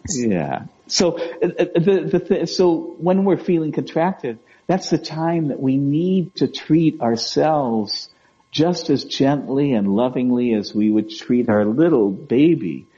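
A man talks gently as an interview guest, in a warm, relaxed voice. He often stumbles over and repeats his words, and he keeps checking in with his listener. The audio sounds dull and lo-fi. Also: fairly high pitch, slow. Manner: gentle, repeats and restarts words, often asks "right?" and "you know?". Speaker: guest speaker on emotional wellbeing. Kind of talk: conversational interview.

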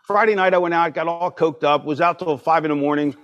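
A middle-aged man with a slightly raised voice tells stories as a podcast guest. He is animated and acts out the people he quotes as he goes. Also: on the high side, fairly quick, highs cut off. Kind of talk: casual storytelling.

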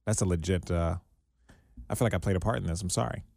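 A man's voice: sits low, fast, vocal fry, darkish tone, no echo. A man co-hosting a podcast, telling a story in casual chat and laughing often. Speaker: podcast co-host.

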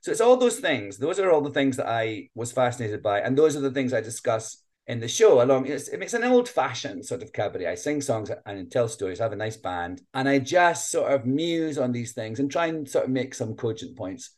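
A man's voice: medium pitch, very animated, fairly quick, few pauses, a little mellow. Chatty man in his late fifties. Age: 50s. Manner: musing, chatty, laughs often. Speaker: guest performer. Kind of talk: casual interview chat. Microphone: video call.

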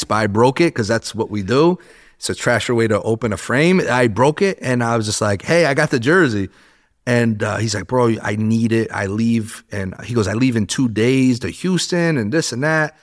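Animated man telling a story. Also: medium pitch. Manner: animated, swears, acts out quotes. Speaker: podcast guest. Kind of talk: casual storytelling.

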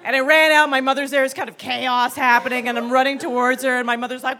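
A woman telling a comic personal story live on stage, acting out childhood scenes with sudden shouts. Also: high-pitched, fairly even intonation, quick pace, few pauses, slight background noise. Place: theater stage before a live audience.

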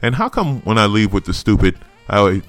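A man's voice: fairly low pitch, very animated, a little fast, a bit bright, soft background music. A man hosting a comedy news podcast, delivering sarcastic, mocking commentary and laughing at his own jokes. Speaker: podcast host.

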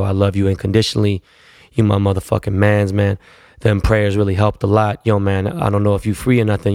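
A man's voice: on the low side, gravelly, a little mellow, no room sound, studio quality. A young man telling a long story in a casual, slangy, profane and rambling way.

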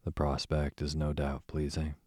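A man voicing a smooth, sarcastic aristocratic duke with a dry, drawling manner. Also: a bass voice, completely flat delivery, moderate pace, mellow, no echo. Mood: sardonic. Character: sardonic aristocratic male duke, languid and smooth.

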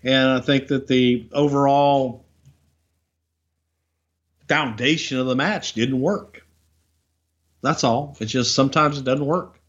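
A man's voice: medium pitch, fairly even intonation, slightly rough. An older man chats casually on a podcast, his stories wandering and stopping for fillers and restarts. His voice sits in a middle range. The recording sounds a little dull and lo-fi. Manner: rambling, halting with fillers and restarts. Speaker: podcast co-host, former wrestling executive. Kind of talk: casual storytelling chat.

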